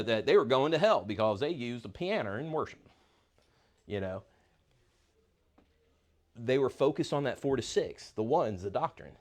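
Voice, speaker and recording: Guy in his 50s leading a bible class, keeps restarting and repeating himself, mid-pitched. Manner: halting, repeats words and restarts often. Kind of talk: casual class discussion.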